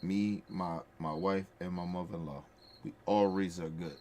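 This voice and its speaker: A man's voice: deep voice, steady tone, normal speed, mellow, a little hiss or hum. A man talking in a casual, emphatic way, repeating his points with heartfelt, profane conviction as a podcast host. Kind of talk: casual storytelling chat.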